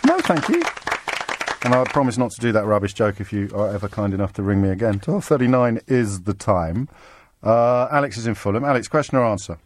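Teasing radio host, lively voice. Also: male voice, lowish voice, some chatter behind. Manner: quick-witted, teasing, laughs often. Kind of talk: casual phone-in banter. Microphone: studio microphone.

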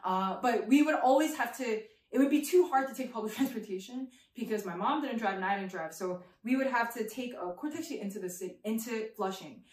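Rambling, animated young woman storyteller. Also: high voice, echoey room, distant mic. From New York City. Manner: animated and rambling, tags lines with "right?". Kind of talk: comic personal storytelling.

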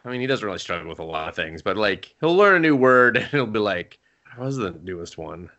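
Animated, bright-voiced man telling stories. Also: fairly low pitch, a little fast, highs cut off. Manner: laughing storyteller, swears freely, quotes people. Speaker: podcast co-host. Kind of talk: casual chat.

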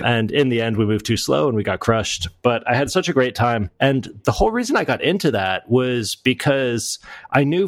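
A middle-aged American man from Florida, an author and entrepreneur, speaks as a guest in an interview with a mid-range voice. He talks casually and pokes fun at himself, frequently restarting his sentences. The recording is dry.

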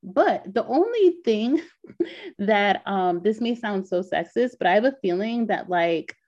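A woman co-hosting a podcast in casual chat, talkative and quick to laugh, with lots of filler words. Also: medium pitch, animated, a little mellow. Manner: chatty, laughs often, many "like" fillers. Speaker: podcast co-host. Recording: dull lo-fi sound.

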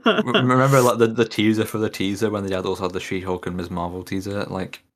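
Co-host with a very deep voice, relaxed and hesitant. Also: fast. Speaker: podcast co-host. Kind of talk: casual chat.

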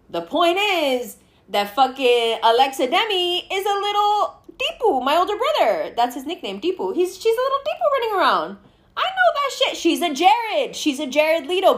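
A woman hosting a casual chat, animated and swearing freely as she acts out what people say. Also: high-pitched.

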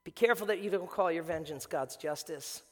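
A man preaching a sermon to a congregation, swinging from shouting to hushed tones and acting out the lines he quotes. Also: fairly high pitch, brisk. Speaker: pastor. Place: church sanctuary before a congregation. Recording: echoey hall reverb.

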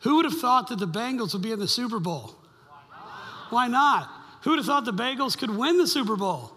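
A man preaches in a church sanctuary, keeping it chatty and joking with the congregation. His voice sits high for a man and rings bright. A long hall reverb trails behind every line. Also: sing-song, fast, slight background noise. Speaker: pastor. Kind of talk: sermon.

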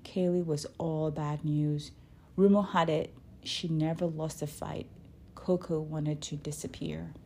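A woman reading her children's book aloud, slow and deliberate, with small restarts. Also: low-pitched, steady tone, gravelly, darkish tone.

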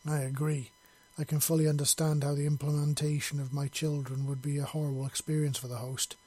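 A man voicing a proud, gentle alien queen. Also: fairly high pitch, level tone, fairly quick, husky. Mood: earnest. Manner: proud, earnest.

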